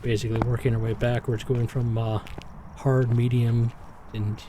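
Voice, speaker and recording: A slightly hoarse, out-of-breath man giving rambling, self-deprecating commentary while streaming a game. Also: medium pitch, flat delivery, normal speed, background noise. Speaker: gaming streamer.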